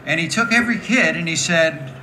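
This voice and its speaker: A woman in her late sixties with a deep, raspy voice, talking frankly to a live audience and telling stories with jokes. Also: brisk, a little hiss or hum, low-quality recording. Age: 60s. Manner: frank, joking, animated storytelling. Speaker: guest speaker. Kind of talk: candid live talk with audience.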